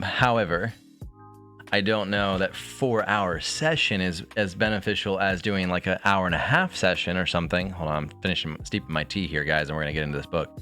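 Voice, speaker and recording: Low-voiced guy rambling to his stream from his bedroom, bright tone, soft music in the background. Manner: rambling, reflective, chatty with viewers. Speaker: streamer reading a book aloud. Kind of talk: casual livestream chat and book reading.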